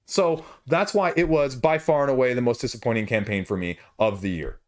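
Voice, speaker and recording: A man's voice: medium pitch, fairly quick. A man hosting a board game channel, ranting casually to camera in a passionate, emphatic way, his voice jumping when he gets worked up. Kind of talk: casual opinion rant to camera.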